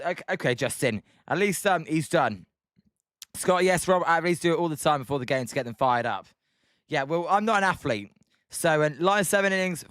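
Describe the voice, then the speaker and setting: A man's voice: a little high, a bit bright, no echo, studio quality. A British man giving casual live-stream baseball commentary, chatting and swearing often while reading out the chat.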